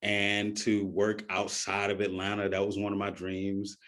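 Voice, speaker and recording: A man's voice: lowish voice, completely flat delivery, unhurried, fairly bright tone. A man telling a personal story in a casual way, often laughing and acting out quoted voices.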